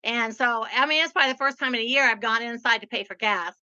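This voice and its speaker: A woman hosts an interview with a high, bright voice. She tells stories in a bubbly, expressive way. The sound is dull and lo-fi. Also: quick pace. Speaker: host. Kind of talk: conversational interview.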